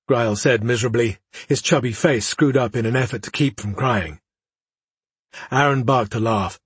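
A man reads a fantasy novel aloud in measured, even narration. His voice is husky and breathy, and the recording is very dry and close to the mic, with no room sound. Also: medium pitch, no room sound. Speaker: audiobook narrator. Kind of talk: scripted narration.

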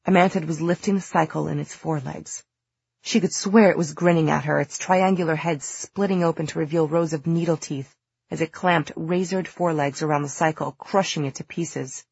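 A woman narrating an audiobook in a steady, measured storytelling manner. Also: low voice, creaky, breathy edge, no echo, muffled recording.

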